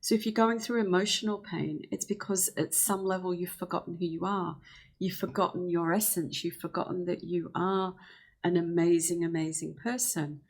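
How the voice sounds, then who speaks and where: Soft-spoken woman teaching healing affirmations. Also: lowish voice, fairly even intonation, normal speed. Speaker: spiritual teacher. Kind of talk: gentle guided healing talk.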